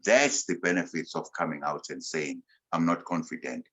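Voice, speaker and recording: Deep-voiced South African man, emphatic. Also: normal speed, rough recording. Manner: emphatic, swinging between loud and soft. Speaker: motivational speaker. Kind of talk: impassioned motivational talk.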